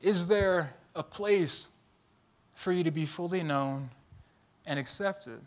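A young man preaching a sermon, telling personal stories in a lively, animated way with playful mimicry. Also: fairly high pitch, takes it slowly. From Tongan and Mexican heritage. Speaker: pastor.

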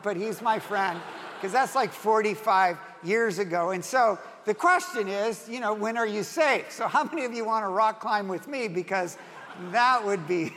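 A high-voiced older man in his sixties is preaching from the pulpit, breaking off into a loose, chuckling personal story. His phrases restart and wander before he gets to the point. A long reverb trails behind every phrase. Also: a bit bright, a little hiss or hum. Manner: rambling, self-interrupting storyteller who laughs at his own tale. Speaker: pastor. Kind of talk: sermon with storytelling.

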